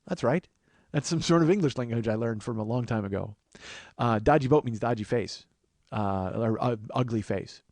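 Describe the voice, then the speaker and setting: A man hosting a podcast, riffing in casual comedic banter, profane and building to loud enthusiasm. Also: medium pitch, a little fast, no room sound. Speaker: podcast host.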